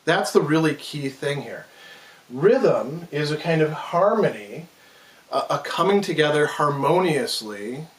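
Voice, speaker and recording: A man's voice: fairly high pitch, lively intonation, a little slow. A man giving an unscripted philosophy lecture. He thinks aloud, restarts often and taps out rhythms with his voice. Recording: roomy echo, mic at a distance.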